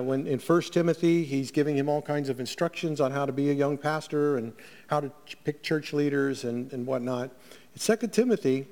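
A middle-aged man preaching a weekly sermon, talking plainly with fillers and restarts. His voice sits a touch high for a man. A long reverb trails after each phrase. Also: darkish tone. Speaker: pastor.

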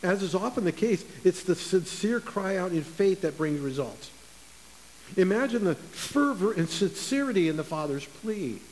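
A man's voice: high-pitched, lively intonation, normal speed, a little mellow. A man preaching a sermon in a conversational, emphatic way, often repeating his phrases. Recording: long reverb with faint hiss.

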